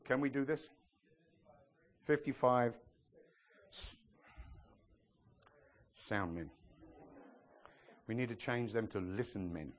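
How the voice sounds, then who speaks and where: Animated male pastor preaching. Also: mid-range voice, slow pace, pauses often. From outside the US. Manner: animated, humorous, emphatic. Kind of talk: sermon. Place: church.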